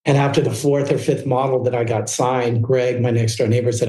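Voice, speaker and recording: A man's voice: mid-range voice, level tone, a little fast, warm tone, reverberant, low-quality recording. A middle-aged man from Southern California, telling his story as a podcast guest in a candid, rambling way. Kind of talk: casual storytelling interview.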